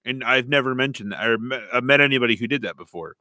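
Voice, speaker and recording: Young male podcast host, animated storyteller, bright forceful tone, dry close sound. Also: medium pitch, fast, few pauses, no echo. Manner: animated storyteller who swears freely and acts out quotes. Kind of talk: casual chat.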